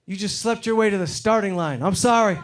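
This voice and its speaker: A middle-aged man from Detroit doing a stand-up comedy set on stage, getting loud and animated when he acts out other people. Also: sits high, brisk, noisy background. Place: comedy stage before a live audience. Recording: live show with loud crowd laughter. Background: crowd laughing.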